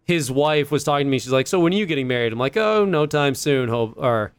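Smooth-voiced young man telling stories. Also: mid-range voice, lively intonation, quick pace, dry recording. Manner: rambling, many fillers and laughs. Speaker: podcast co-host. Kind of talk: casual storytelling chat.

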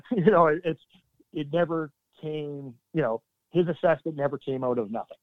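A middle-aged man, a military veteran, telling his story in an earnest, halting way with sudden emphatic bursts. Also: a little high, no echo. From Canada. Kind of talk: candid interview storytelling. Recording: dry, tinny phone-like line.

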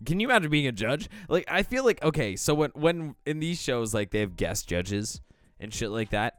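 A man's voice: mid-range voice, sing-song, normal speed, no echo. A man co-hosting a podcast, chatting casually and skeptically with offhand swearing. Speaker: podcast co-host. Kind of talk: casual crude banter.

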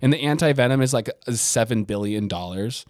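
A man's voice: medium pitch, brisk, a little mellow, dry recording, studio quality. A man co-hosting a podcast in casual banter, loose and profane, rambling from one tangent to the next. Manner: loose and profane, slipping into mock voices for punchlines. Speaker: podcast co-host.

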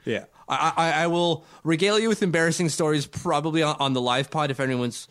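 A man's voice: fairly high pitch, brisk, a bit bright, no room sound. A man co-hosting a podcast in casual chat, rambling and joking at his own expense. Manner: self-deprecating, joking, rambling. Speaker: podcast co-host.

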